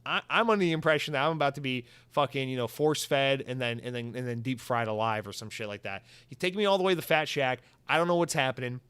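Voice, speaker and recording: A man's voice: medium pitch, fast talker, hardly any pauses, fairly bright tone, smooth, no echo. A young man hosting a solo podcast, rambling and swearing with comic exaggeration. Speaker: podcast host.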